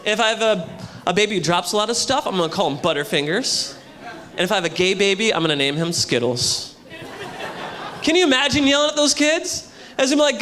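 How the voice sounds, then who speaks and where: A young man doing a brash stand-up comedy set with loud crowd work at a hotel show. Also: high voice, lively intonation, fairly quick. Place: hotel comedy show before a live audience. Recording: live room with audience.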